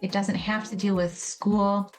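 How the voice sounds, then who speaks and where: A woman's voice: mid-range voice, little pitch movement, unhurried, faint music behind, natural voice, low-quality recording. A woman voicing a small, puzzled male filing clerk in the brain in a whispered role-play. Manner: whispered, unsure.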